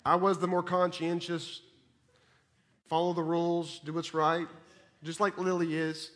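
A man preaching a sermon in an emphatic way, swinging between loud and soft and repeating words when he stumbles. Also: on the high side, flat delivery, a little slow.

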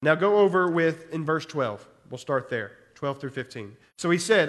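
A man's voice: a little high, expressive, normal speed, few pauses, in a large hall. A man preaching a sermon, teaching verse by verse and stopping often to ask his listeners "okay?". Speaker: pastor.

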